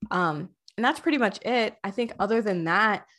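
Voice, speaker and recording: A woman's voice: mid-range voice, moderate pace. Gushing woman retelling a video game. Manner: gushing, animated retelling with many fillers. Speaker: podcast guest. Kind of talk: casual podcast chat about a video game.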